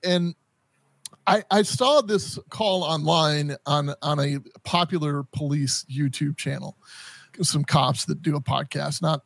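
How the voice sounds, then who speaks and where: Male podcast host, slightly high voice, dry close sound, chatty, stammers and restarts a lot. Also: vocal fry, dry recording. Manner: animated, halting, lots of restarts and stammers. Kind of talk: casual chat.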